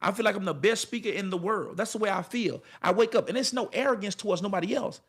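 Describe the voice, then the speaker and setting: A man's voice: high voice, fast talker, a bit bright, breathy edge. A man giving an emphatic, colloquial motivational talk to the camera, repeating his lines in a preacher-like cadence and speaking straight to his viewers. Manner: colloquial, addresses viewers directly.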